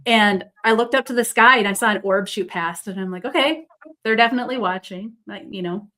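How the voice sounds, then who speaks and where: A woman, a psychic medium guest, telling a personal story in a rambling, casual way, full of fillers, excited and buzzing. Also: medium pitch, fairly quick.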